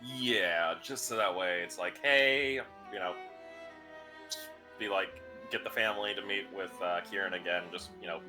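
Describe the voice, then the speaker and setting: A man's voice: deep voice, moderate pace, pushed and bright, soft background music. A man playing in a tabletop game, chatty and joking in a casual way. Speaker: player.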